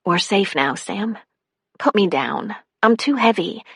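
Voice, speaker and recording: A woman voicing an emotional, loving young woman in an audiobook, speaking a little higher than her narration. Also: expressive, slow pace, a bit bright, slightly rough, no echo, studio quality, full character voice. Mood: pleading.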